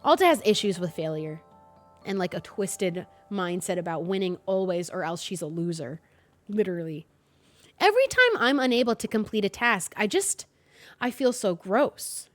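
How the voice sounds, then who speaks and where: Young woman, light North Jersey accent, gaming commentary, lively up-and-down voice, faint music behind. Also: mid-range voice, normal speed. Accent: North New Jersey. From North New Jersey. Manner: chatty, animated, self-deprecating. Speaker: streamer.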